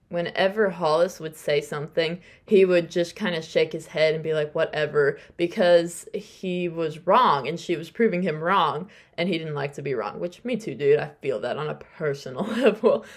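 Female host with a deep, low voice, loose chatty book-recap delivery that backtracks and corrects itself. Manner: chatty, self-correcting, quotes characters with "like". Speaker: podcast host.

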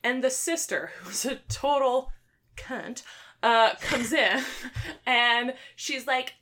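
A young woman with a bright, forward voice recaps a book in casual conversation. She is opinionated and animated, jumping into the characters' lines and peppering her talk with fillers and laughter. Her delivery sounds like relaxed gossip between friends. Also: sits high, takes it slowly, a little hiss or hum. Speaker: book reviewer. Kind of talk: casual chat.

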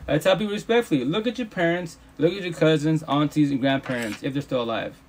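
A man's voice: a little high, fast, slight background noise. Profane, emphatic livestream host, man. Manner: emphatic, profane, repeats himself. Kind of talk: casual preachy rant. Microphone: phone livestream.

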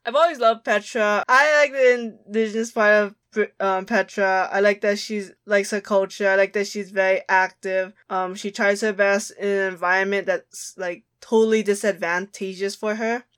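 A woman's voice: mid-range voice, fairly even intonation, moderate pace, few pauses, a bit bright, clean tone. A young woman chats casually as a podcast co-host in a mid-range voice. She is blunt and dismissive, peppering her speech with "like." She laughs easily between her points. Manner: blunt, laughs often, uses "like" a lot. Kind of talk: casual chat about video games.

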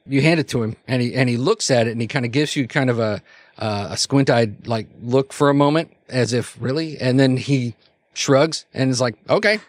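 In a dry, clean studio recording, a man with a mid-range voice and moderate pace narrates a tabletop role-playing game as game master. He rambles, with lots of fillers and restarts.

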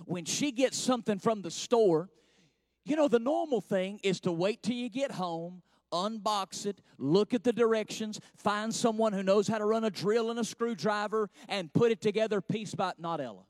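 A man preaching in church, his voice sitting high and sounding dry and close. He tells homespun stories and builds into fervent, ringing passages. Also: normal speed, dry recording. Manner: folksy storytelling, rising to fervent preaching. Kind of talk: sermon.

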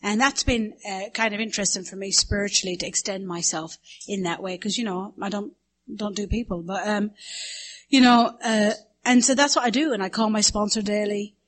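A woman's voice: mid-range voice, normal speed. A middle-aged woman with an Irish accent, telling her personal story to a recovery meeting in a candid, self-mocking way, acting out other people's voices. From Ireland.

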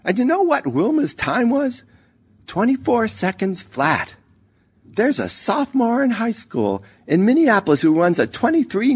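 A man's voice: high-pitched, breathy edge, pitched above the performer's own voice, exaggerated voice. A man voicing a jovial middle-aged woman who chats and laughs at herself. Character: middle-aged woman, former runner, jovial, self-mocking.

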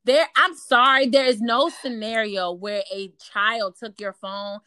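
Emphatic bright-voiced woman telling stories. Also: on the high side, a little slow, smooth, no room sound. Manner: animated, emphatic, repeats phrases, mimics others in mocking voices. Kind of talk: casual chat storytelling.

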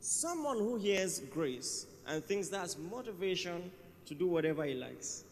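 A man's voice: sits high, very animated, unhurried, a little mellow. A man preaching a sermon in a church hall, conversational and emphatic, often repeating his key phrases. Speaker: pastor. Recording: reverberant church hall, faint ambience.

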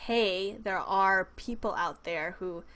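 A woman's voice: medium pitch, slow pace, fairly bright tone. A woman raised in the United States, a podcast guest in a casual interview, talking with animation and acting out the voices she quotes.

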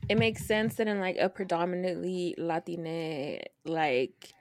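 A woman co-hosting a podcast, talking emphatically, swearing, and laughing loudly. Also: on the low side, steady tone, measured pace, dry recording, studio quality. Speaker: podcast co-host. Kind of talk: casual podcast chat.

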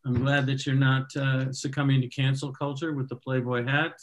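A man's voice: medium pitch, little pitch movement, moderate pace. A man hosting an open mic, rambling and chatty between comedy acts. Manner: rambling, chatty, full of ums. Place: comedy club.

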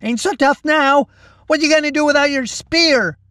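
A man voicing a frightened, folksy young man fighting goblins, shouting in a high, strained voice that cracks. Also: animated, moderate pace, dry recording, clean studio sound, distant mic. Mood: taunting.

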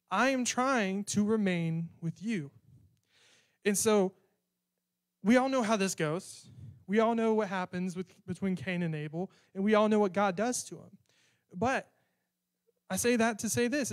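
A man's voice: high-pitched, no echo, clean studio sound. A man giving a casual, conversational sermon with a sarcastic, chatty manner. He often repeats words as he thinks. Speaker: preacher.

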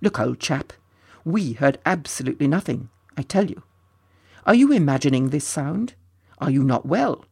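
A storyteller voicing an impatient young male friend who talks briskly and gets exasperated. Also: mid-range voice, big pitch swings, gravelly, a little mellow, breathy edge, no echo, clean studio sound, heavily acted.

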